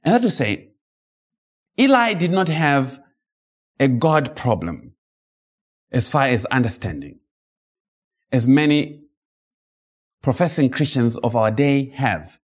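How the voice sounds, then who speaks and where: A man preaching an expository sermon, emphatic and rhetorical, reading scripture slowly and dramatically, with sudden high-pitched outbursts. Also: very animated.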